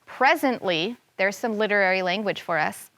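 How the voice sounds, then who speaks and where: A woman teacher reads a folk tale aloud for young children, acting out sound effects and explaining words as she goes. Her voice sits in a middle pitch, recorded dry and close. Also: normal speed, no echo. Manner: expressive, voicing sound words and characters. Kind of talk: reading a story aloud to children. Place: classroom studio.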